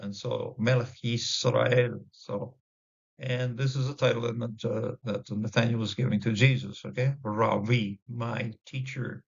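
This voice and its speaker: Halting man teaching, gravelly dull recording. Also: medium pitch, steady tone. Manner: halting, many fillers and restarts; sounds out Hebrew words slowly. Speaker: Bible teacher. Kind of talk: informal Bible word study.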